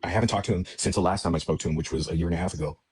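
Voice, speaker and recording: A man's voice: deep voice, racing, a little mellow, breathy edge, no room sound. A man arguing on a live stream panel, dismissive and taunting. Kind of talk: heated argument.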